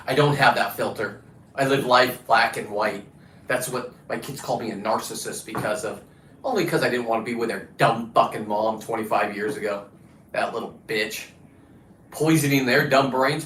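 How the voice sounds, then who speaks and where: A man's voice: mid-range voice, a bit bright. A middle-aged man from California ranting bluntly and profanely through a rambling livestream monologue. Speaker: livestreaming diver and fisherman. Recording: roomy echo.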